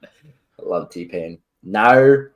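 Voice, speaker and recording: A man co-hosting a casual sports and music podcast, excitable and given to loud exclamations. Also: sits low, drawn-out words. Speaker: podcast co-host.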